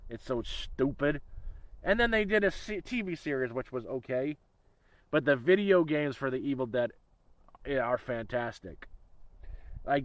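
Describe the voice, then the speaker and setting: A man's voice: mid-range voice, fairly bright tone, slight background noise, low-quality recording. A man rambling in a casual livestream chat, swearing freely and laughing often. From Canada. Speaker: channel host.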